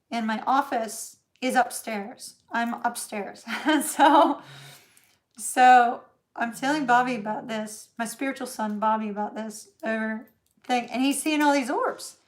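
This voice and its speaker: Chatty middle-aged woman. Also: fairly high pitch. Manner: chatty, laughs often, many fillers. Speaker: tarot reader host. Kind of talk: casual livestream storytelling.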